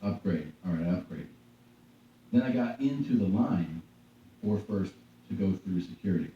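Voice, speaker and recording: A man hosts a casual podcast, telling stories with lots of swearing and acted-out quotes. His voice sits low and very dark. It is recorded from a distance in a roomy, echoey space with a dull, lo-fi sound. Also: normal speed. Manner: animated storyteller, swearing, acting out quotes. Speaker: podcast host. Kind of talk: casual chat. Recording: echoey room from far off, dull lo-fi.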